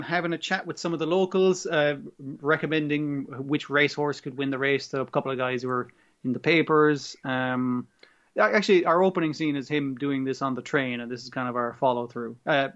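A man's voice: medium pitch, fairly bright tone, lo-fi sound. A man recapping an anime episode in casual chat, swearing freely and acting out characters as he goes.

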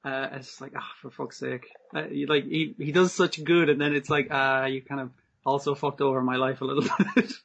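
A man's voice: medium pitch, level tone, fairly quick, creaky, a bit bright, slightly rough. A man, co-hosting a podcast, chatting casually about an anime and swearing freely. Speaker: podcast co-host. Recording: slightly dull lo-fi recording.

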